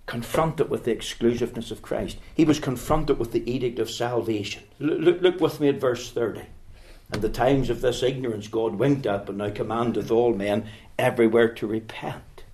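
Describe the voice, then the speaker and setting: A man preaching a sermon, reading scripture aloud and swinging between hushed low passages and loud, rising exhortation. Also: moderate pace. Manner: reads scripture in King James wording.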